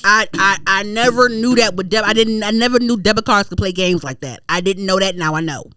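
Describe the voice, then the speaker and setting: This woman co-hosts a podcast and tells stories in an animated, unfiltered way, swearing freely and rising to indignant shouts. Her voice is bright and forward. The sound is dry, with no room in it. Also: mid-range voice, brisk, clear, resonant tone, no echo. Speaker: podcast co-host. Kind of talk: casual chat.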